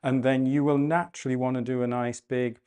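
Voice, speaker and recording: A man instructs a breathing and mobility class in a calm, gentle manner. He talks through each breath and often slows down to repeat a cue softly. His voice sits at an ordinary middle pitch. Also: clear, resonant tone. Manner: calm, gentle cueing with slowed repeated phrases. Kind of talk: guided exercise class instruction.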